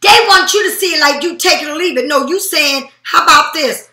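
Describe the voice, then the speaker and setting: A woman's voice: sits high, fairly quick, pushed and bright, echoey room. Blunt, swearing woman giving a tarot reading. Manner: blunt, profane, emphatic. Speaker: tarot reader.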